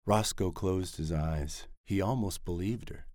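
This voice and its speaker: A man with a very low, deep voice reads a novel aloud in an even, measured storytelling manner. The recording is dry and close, with no room sound around him. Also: dry recording. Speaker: narrator. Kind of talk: scripted audiobook narration.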